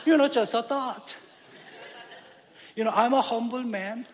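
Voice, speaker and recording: A man's voice: extremely high pitch, a little slow. A male pastor preaching a sermon, emphatic and joking, chuckling at his own humor. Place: church sanctuary. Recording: long church reverb.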